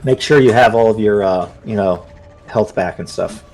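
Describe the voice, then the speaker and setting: Low-voiced, relaxed male game master. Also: moderate pace, soft background music. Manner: relaxed, chatty, with many fillers. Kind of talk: casual game narration.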